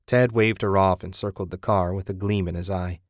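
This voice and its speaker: A man reading fiction aloud in a steady, measured way, as an audiobook narrator. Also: deep voice, no echo, clean studio sound. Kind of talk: scripted narration.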